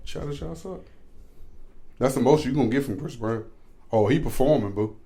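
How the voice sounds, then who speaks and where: A man's voice: mid-range voice, quick pace, dark tone. A man co-hosting a casual podcast with his wife, joking and teasing in loose everyday talk. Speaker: podcast co-host. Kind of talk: casual chat.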